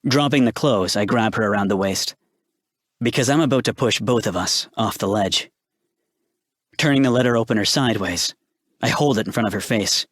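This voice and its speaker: A man narrating a dark romance audiobook in the first person, with an intense, dramatic delivery. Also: mid-range voice, lively intonation, normal speed, dry recording, clean studio sound.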